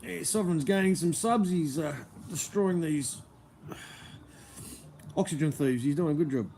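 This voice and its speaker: A man's voice: a little high, normal speed, dark tone, slight background noise. An Australian man chatting casually on a livestream, laid-back and chatty, often laughing as he answers viewers.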